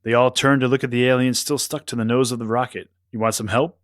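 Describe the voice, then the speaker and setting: Lively male storyteller. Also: medium pitch, quick pace, smooth, no room sound. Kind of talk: scripted children's story narration.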